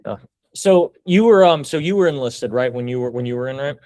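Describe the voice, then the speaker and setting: A man hosting a podcast, asking long questions that ramble and restart. His voice sits at a middle pitch and sounds dry and close, with no room echo. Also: expressive, fairly quick, dark tone. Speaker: podcast host. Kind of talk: casual interview chat.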